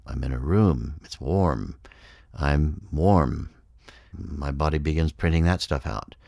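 A man giving a measured, reflective spiritual talk, explaining ideas step by step. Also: a bass voice, gravelly, darkish tone, no room sound, clean studio sound. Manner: measured, explanatory, acts out inner voices. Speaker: speaker on consciousness.

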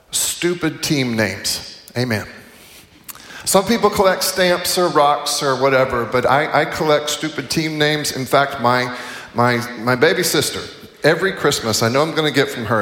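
A middle-aged man gives a sermon as a chapel speaker in a large chapel hall, using a medium-pitched, fairly bright voice. He speaks conversationally, correcting himself and adding humorous asides. The recording is echoey, captured from a distant mic.

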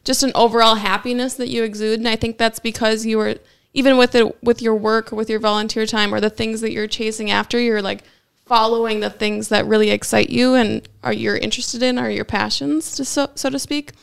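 Female podcast host, encouraging and reflective, fairly high voice, gravelly. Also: little pitch movement, brisk, few pauses. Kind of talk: casual interview.

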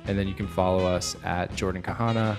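Over music, a thirtysomething male podcast co-host talks fairly quickly in a low, gravelly, steady voice. The conversation is casual, and he rambles in a relaxed manner, leaning heavily on fillers.

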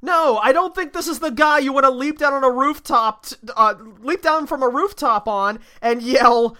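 A woman's voice: sits high, normal speed, few pauses, bright, forceful tone. A woman co-hosting a casual podcast, reacting with sarcastic, swearing jokes. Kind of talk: casual chat.

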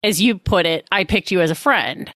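A woman co-hosting a casual conversation who talks in a reflective way, thinking out loud. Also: fairly low pitch, normal speed, no room sound, clean studio sound.

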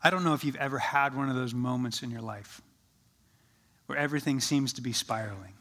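A man preaching a sermon as pastor, rising with energy, then dropping to a soft, slow hush for quoted words. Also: medium pitch. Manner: shifts from lively to soft and slow when quoting Jesus.

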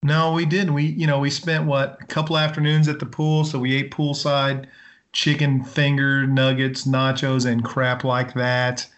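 A man's voice: medium pitch, little pitch movement, unhurried. Easygoing man in podcast chat. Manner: easygoing, laughs often. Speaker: podcast co-host. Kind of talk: casual chat.

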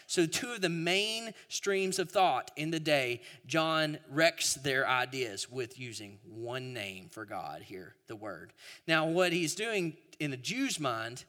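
A man, preaching a sermon in a relaxed storytelling way, with frequent restarts. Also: fairly high pitch. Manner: storytelling, conversational, with repeated restarts. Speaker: pastor. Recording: hall reverb.

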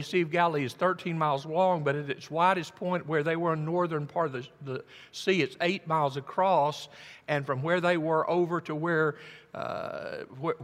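A man preaching a sermon, telling the story dramatically and swinging from hushed tones to loud emphasis. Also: on the high side, big-room sound. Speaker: pastor. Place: church.

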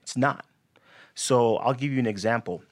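A man's voice: mid-range voice, normal speed. A man on a podcast explaining mental reframing for athletes, talking casually and acting out players' inner voices. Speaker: sports psychology guest.

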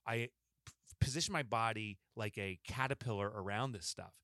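A man's voice: lowish voice, normal speed, pushed and bright, dry recording. Guy cohosting a podcast, chatty storyteller, acts out the quotes, dry close mic. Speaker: podcast co-host. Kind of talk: casual storytelling chat.

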